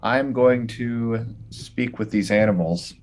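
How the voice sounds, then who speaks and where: A man playing a tabletop game, speaking in a hesitant, halting way. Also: mid-range voice, faint music behind. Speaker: player. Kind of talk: casual tabletop play.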